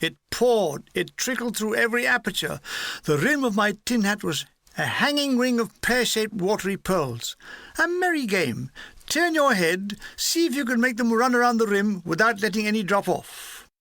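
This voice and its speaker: A man reads his own memoir aloud in a wry, comic deadpan way. His voice is fairly high and bright, and the sound is close and dry. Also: normal speed, dry recording. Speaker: author and narrator. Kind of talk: audiobook memoir narration.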